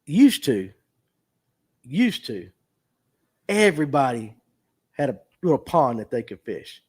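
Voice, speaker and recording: A man's voice: medium pitch, big pitch swings, slow, darkish tone, breathy edge. A man in his fifties with a North Georgia Southern drawl, hosting a fishing show and chatting folksily while reading out viewer comments. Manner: folksy, chatty, answers chat questions aloud. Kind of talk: casual livestream talk reading viewer comments.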